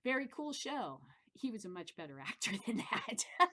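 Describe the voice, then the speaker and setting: Middle-aged woman host from the Midwest, loose and rambling monologue, cusses freely, animated delivery. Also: on the high side, unhurried, slight background noise. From American Midwest. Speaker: podcast host. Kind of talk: casual monologue commentary.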